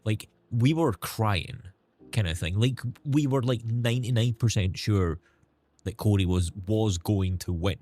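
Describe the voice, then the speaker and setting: A man's voice: lowish voice, a little slow, a little mellow. A man streaming a game, chatting casually with viewers in a sarcastic tone and swearing freely.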